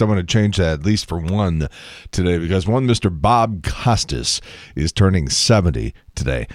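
Low-voiced podcast guy, kinda tired, wry rambling stories, dead dry mic. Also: dry recording. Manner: chatty, wry storytelling with asides and laughs. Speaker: podcast host. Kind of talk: casual solo podcast monologue.

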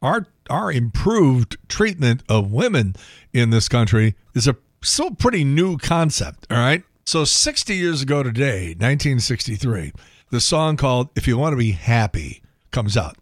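A man's voice: medium pitch, big pitch swings, moderate pace, no echo. Casting: older American male radio host, sardonic monologue, dead-dry booth sound. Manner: wry, sardonic storytelling. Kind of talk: casual solo podcast monologue.

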